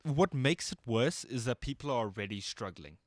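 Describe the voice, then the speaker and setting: A man's voice: mid-range voice, expressive, normal speed, no room sound, clean studio sound. A man co-hosting a sports talk show, speaking in laid-back, slangy casual chat. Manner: laid-back, slangy, says dude and bro a lot. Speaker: co-host.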